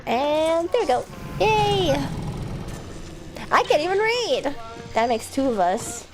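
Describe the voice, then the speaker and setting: A woman chatting casually while she streams a game, excitable, laughing and swearing freely. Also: high voice, slow pace, music in the background. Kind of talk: casual live-stream gameplay chat.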